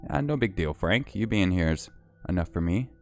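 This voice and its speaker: Low-voiced man chatting on a livestream. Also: normal speed, faint music behind. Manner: relaxed, chatty, reads out viewer names and thanks them. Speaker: livestream host. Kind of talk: casual livestream chat.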